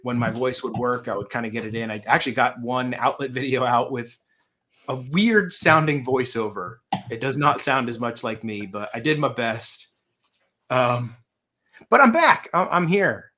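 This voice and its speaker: A hoarse man co-hosts a casual live talk stream from his home desk. His voice sits bright and forward despite the rasp, and he talks in a chatty, self-deprecating way. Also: medium pitch, moderate pace, a little hiss or hum. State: hoarse from allergies. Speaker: co-host. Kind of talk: casual chat.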